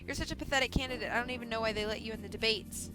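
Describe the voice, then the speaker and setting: A woman's voice: a little high, rapid-fire, music in the background, close to an everyday voice, low-quality recording. Boastful, taunting male cat bully in a game, read by a woman. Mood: mocking. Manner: mocking, gloating taunts.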